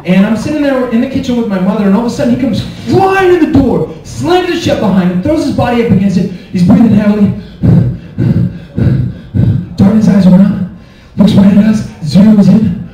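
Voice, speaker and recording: A man doing a stand-up comedy set, telling stories in an animated way and acting out the scenes. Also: high voice, fairly quick, heavy reverb, recorded from a distance, rough recording.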